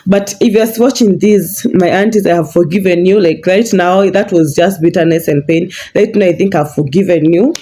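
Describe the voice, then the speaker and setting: A woman, telling a personal story as a vlogger in a halting way, often restarting her words. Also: on the low side, mellow.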